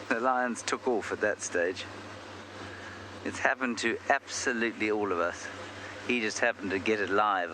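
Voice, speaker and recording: A man's voice: fairly low pitch, background noise. A man hosting a live safari broadcast outdoors, chatting and telling stories with a self-deprecating humor. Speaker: safari guide and live show host. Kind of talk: live safari commentary, casual chat. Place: outdoors in the bush, on a game drive.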